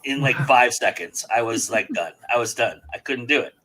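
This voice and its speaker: A male podcast host with a bright, forceful voice at a middle pitch. He talks in a loose, animated way, full of fillers and restarts. The feel is a casual round-table conversation. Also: moderate pace, poor audio. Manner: animated, rambling with many fillers and laughs.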